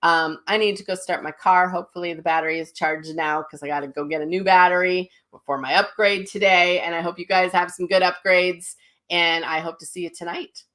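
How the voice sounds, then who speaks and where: A middle-aged woman chats to her viewers in a relaxed storytelling voice, pitched a little low. She acts out what people said with lively jumps in her voice. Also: brisk. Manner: animated storyteller acting out quotes. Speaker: psychic medium vlogger.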